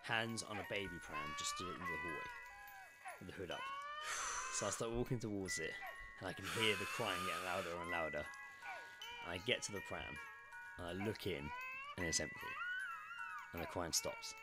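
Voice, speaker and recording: A young man co-hosting a podcast, telling stories in a casual, animated way and swearing freely. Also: normal speed, pauses often, over loud music. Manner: animated storyteller, swears freely, lively pitch swings. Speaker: podcast co-host. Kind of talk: casual chat.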